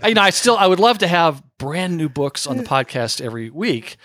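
A man hosting a podcast interview, animated and quick to laugh, with self-deprecating asides. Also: a little high, no room sound, clean studio sound. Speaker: podcast host. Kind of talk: podcast interview, asking questions.

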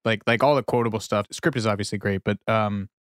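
A man's voice: fairly low pitch, fairly even intonation, fast talker, dry recording, studio quality. Rambling, laid-back male podcast host. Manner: rambling, self-deprecating, full of fillers and laughs. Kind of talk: casual podcast chat.

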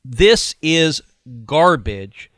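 A man's voice: fairly high pitch, sing-song, extremely slow, a bit bright, no echo. A man hosting a political podcast, indignant and sarcastic as he reads quotes aloud and mocks them. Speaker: podcast host. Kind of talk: opinionated political commentary.

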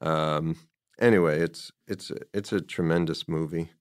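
A man with a low, smooth voice talks loosely and warmly about a movie he loves, circling back and quoting lines as he goes. The sound is close and dry, with no room around him. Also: steady tone, measured pace, no room sound. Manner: rambling, enthusiastic, quotes dialogue in passing. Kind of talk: casual film discussion.

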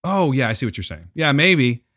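A man in casual chat about a TV series, chatty and animated, saying "dude" a lot. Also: medium pitch, brisk. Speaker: co-host discussing a TV series.

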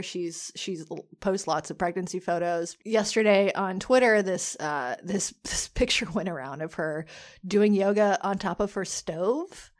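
A woman co-hosts a podcast in a loose, rambling chat. Her voice sits at an ordinary middle pitch, and she drops in casual swearing as she talks. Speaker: podcast co-host.

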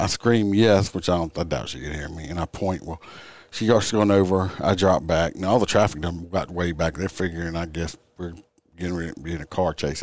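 A man's voice: deep voice, darkish tone, dry recording. An older man, a police officer, telling a traffic stop story in a blunt, profane, rambling way, tired and yawning. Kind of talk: casual storytelling.

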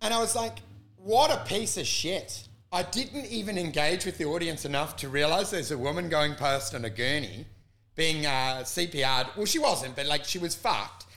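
Male comic, podcast co-host, crude and animated, high bright voice with wild pitch swings. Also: moderate pace. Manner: animated, crude, ranting with acted-out quotes. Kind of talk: casual comedy podcast chat.

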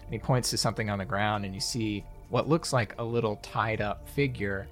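A man's voice: fairly low pitch, brisk, fairly bright tone, faint music behind. A man narrating a fantasy scene as game master, in loose, rambling speech full of fillers.

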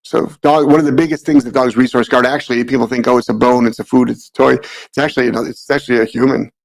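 A man's voice: medium pitch, fairly even intonation, quick pace. A man hosting a live dog training question and answer show, explaining casually and restarting his sentences. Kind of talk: live Q&A chat.

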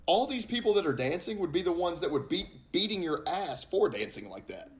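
A man's voice: high voice, sing-song, a little fast. Guy with a bouncy voice, dry little comments about a movie. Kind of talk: casual movie review chat.

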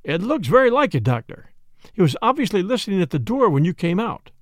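A man reading a brisk, blunt police inspector. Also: high-pitched, sing-song, no room sound, studio quality. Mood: probing. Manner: blunt, questioning. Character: brisk middle-aged male police inspector. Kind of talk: audiobook character reading.

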